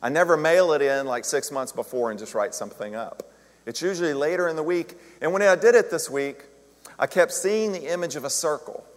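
Male minister, chatty storytelling sermon with wry humor, slightly high voice, long hall reverb. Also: a little fast. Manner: chatty, self-deprecating humor, animated retelling. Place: church sanctuary.

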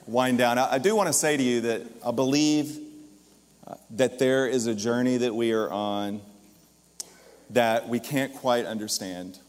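A minister preaching a lively sermon, his loudness rising and falling, with joking asides. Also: medium pitch. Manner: lively, jokey preacher with shifting volume. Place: church or hall. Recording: long reverb of a large hall.

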